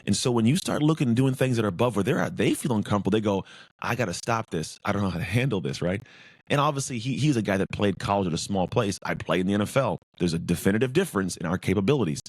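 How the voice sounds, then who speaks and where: In a casual interview, a former pro football player appearing as a podcast guest talks intensely and emphatically, piling up repeated lists. His voice sits fairly low, a little mellow, animated and racing, with no echo.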